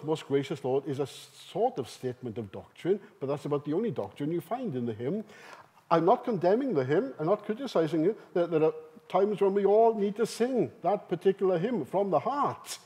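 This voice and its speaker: A man giving a conference seminar talk. He is emphatic and lively and often turns questions to the audience. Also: high voice, moderate pace. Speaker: seminar speaker. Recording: live talk in a hall.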